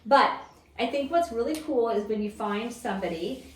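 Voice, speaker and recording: A woman co-hosting a casual podcast chat, talking in quick asides and acting out what others said. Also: on the high side, lively intonation, a little hiss or hum. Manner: chatty, quick asides, acts out quotes. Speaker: podcast co-host. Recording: roomy, distant mic.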